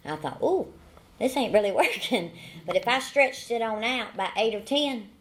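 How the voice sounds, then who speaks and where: A woman in her forties with a Southern American accent talks at a normal speed in a slightly high voice with lively intonation. She's an AA speaker giving a recovery testimony, telling it folksily with repeated phrases and dry humor.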